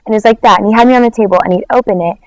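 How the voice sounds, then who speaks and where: Woman, worship leader, personal testimony, animated storytelling, mid pitch, dry recording. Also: very fast, no room sound, poor audio. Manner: animated storytelling, acts out quoted dialogue; frequent "like" fillers.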